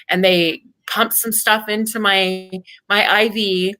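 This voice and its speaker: A woman in casual chat, telling an animated story with some swearing. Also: mid-range voice, measured pace, hardly any pauses, no echo, poor audio. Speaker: group chat participant.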